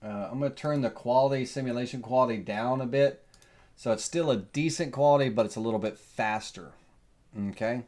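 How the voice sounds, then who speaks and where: A man giving a relaxed live woodworking software tutorial, answering viewer questions with lots of fillers. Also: mid-range voice, brisk. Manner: casual, folksy, lots of uh and um fillers. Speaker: CNC woodworking instructor.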